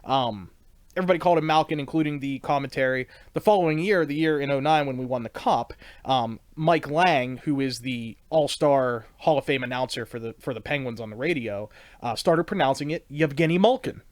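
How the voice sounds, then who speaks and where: A man's voice: medium pitch, a little fast, no echo. A man hosting a podcast interview, rambling casually with lots of fillers. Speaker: podcast host. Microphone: own recorder.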